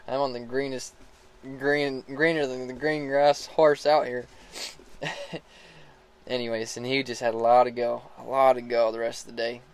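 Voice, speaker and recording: A relaxed man spins a casual story about working a young horse. His voice sits at an ordinary middle pitch, and he chuckles now and then and trips over his own sentences. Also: measured pace, smooth, low-quality recording. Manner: relaxed, laughs often, restarts sentences. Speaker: horse rider starting a young colt.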